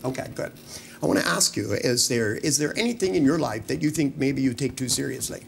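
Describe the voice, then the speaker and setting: An older man, a hypnotist, running a live hypnosis demonstration at a seminar, joking and teasing between slow, soft trance suggestions. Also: mid-range voice, animated, gravelly, slight background noise. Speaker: hypnotist leading a training seminar. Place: seminar room with participants.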